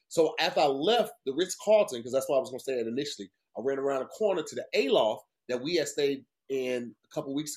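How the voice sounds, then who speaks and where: Profane, storytelling podcast host. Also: male voice, medium pitch. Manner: profane, animated storytelling with voiced quotes. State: tired. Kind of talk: casual storytelling.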